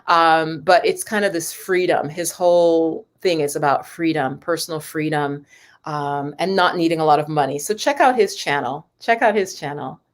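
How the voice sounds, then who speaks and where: A woman's voice: deep voice, moderate pace. A woman spiritual teacher chatting casually with viewers on a live stream, rambling and talking straight to her audience. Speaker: spiritual teacher and yoga host.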